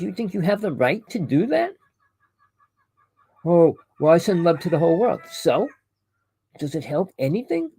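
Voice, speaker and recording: Gravelly man ranting to his viewers. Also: fairly high pitch, dark tone, no echo, low-quality recording. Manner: rambling, preachy, with frequent self-corrections; addresses listeners as "people" and asks rhetorical questions. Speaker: online conspiracy commentator. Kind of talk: ranting monologue to camera.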